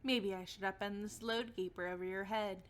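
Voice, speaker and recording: A woman reading a calm, teasing female troll spirit from a webcomic aloud, delivering threats in a dry, deadpan way. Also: mid-range voice, fairly quick, voice pushed down, natural voice.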